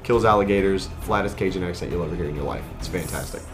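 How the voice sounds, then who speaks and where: A man's voice: deep voice, fast talker, music in the background. A man co-hosting a casual podcast, playfully reading out game scenarios with dramatic flair. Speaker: podcast co-host.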